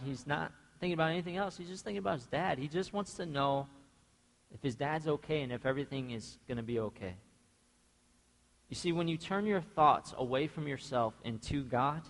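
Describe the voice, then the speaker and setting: A young man preaching a sermon to his church in a chatty, questioning way, acting out quoted voices as he tells stories. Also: on the high side. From grew up in a half-Mexican household. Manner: conversational, asks the congregation questions; animated storytelling, acts out quoted voices. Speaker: pastor. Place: church sanctuary. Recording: long church reverb.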